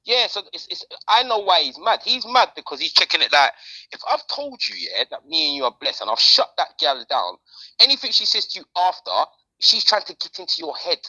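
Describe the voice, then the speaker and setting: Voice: medium pitch, very animated, fairly quick, pushed and bright, poor audio. A podcast host, chatting casually in slang and repeating phrases for emphasis. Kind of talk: casual chat.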